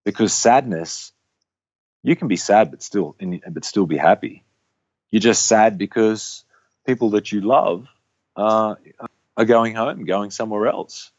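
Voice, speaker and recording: A man's voice: on the low side, unhurried, long pauses, dry recording, lo-fi sound. A middle-aged man chatting as a guest, reflective and rambling with many restarts. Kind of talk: casual conversation.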